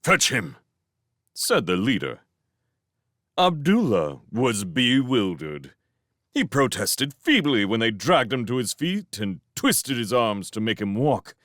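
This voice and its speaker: A man narrating a novel in a slow, unhurried way, his low voice rising and falling with lively expression. The reading is dry and close with no room sound. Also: no echo. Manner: expressive storytelling. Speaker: reader of a novel. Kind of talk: fan audiobook narration.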